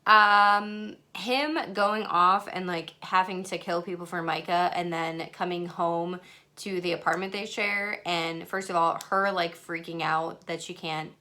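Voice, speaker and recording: A woman's voice: fairly low pitch, fairly even intonation, measured pace, pushed and bright. Young woman, casual home vlog, chatty, swears, drops to whispers now and then. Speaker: book vlogger. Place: at home, in bed and in a messy room.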